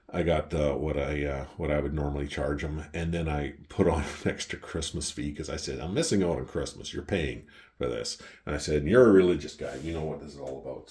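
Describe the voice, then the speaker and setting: A middle-aged man from Canada with a Canadian accent, telling rambling, profane stories in his home wine cellar. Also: very deep voice. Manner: profane, chatty, animated. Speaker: vlogger. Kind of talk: rambling storytelling.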